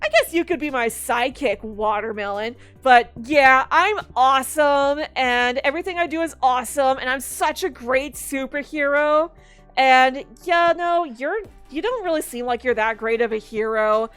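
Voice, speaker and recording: A cocky teen superhero boy who never stops bragging, as a woman puts him on. His voice sits high and clear, and every line drips with self-satisfaction. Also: very animated, slow pace, fairly bright tone, faint music behind, heavily acted. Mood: smug.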